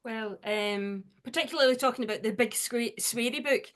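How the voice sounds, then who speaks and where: A woman with a fairly high voice, speaking as a librarian guest in a casual podcast chat. She is brisk and wry, dropping dry asides as she talks.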